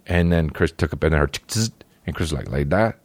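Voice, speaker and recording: A man's voice: rumbling low, fairly quick, creaky, a little mellow, no room sound. Rambling, profane male comedian, dry studio sound. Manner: profane, loose and meandering, full of fillers. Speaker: comedian and podcast host. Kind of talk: rambling casual storytelling. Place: recording studio.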